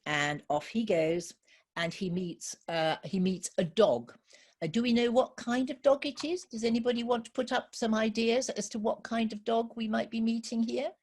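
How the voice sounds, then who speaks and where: A woman telling a children's story live to an online audience, gently encouraging and asking listeners for ideas. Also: a little high, steady tone, moderate pace.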